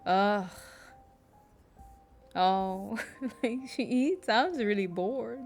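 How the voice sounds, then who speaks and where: A woman's voice: a little high, slow, creaky, a little mellow, faint music behind. A woman commenting casually while playing a story game, chatty and giggly, full of "like". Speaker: gaming streamer. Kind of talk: casual let's-play commentary.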